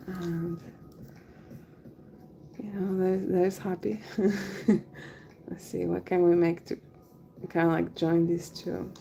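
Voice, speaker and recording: Woman host, low, even, gravelly voice, relaxed livestream chatter while she works, faint noise behind. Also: slow, pauses often, low-quality recording. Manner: relaxed, chatty, laughs often, trails off while concentrating. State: has the hiccups. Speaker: henna artist livestreaming. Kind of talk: casual chat while working.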